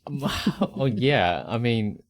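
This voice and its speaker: A man's voice: mid-range voice, lively intonation, slow pace, no room sound, studio quality. A young man from the Northeastern United States with a slight Rhode Island accent, chatting easily as a podcast co-host, rambling with fillers and restarts. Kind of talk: casual conversational podcast chat.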